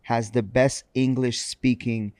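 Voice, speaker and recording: A man's voice: medium pitch, little pitch movement, slow, darkish tone, no room sound, clean studio sound. A man in an interview clip, speaking emphatically and firmly. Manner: emphatic, firm.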